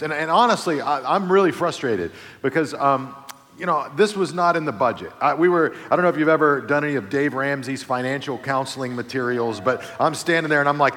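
A middle-aged man preaching a sermon as pastor, telling a family story, moving between quiet, low passages and loud, animated stretches. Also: quick pace. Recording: long reverb of a large hall.

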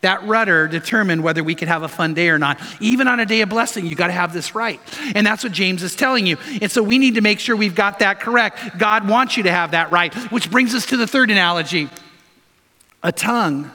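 A man with a high, pushed and bright voice preaches a sermon, telling stories with emphasis and posing rhetorical questions to the congregation, his words carrying the long reverb of a large hall.

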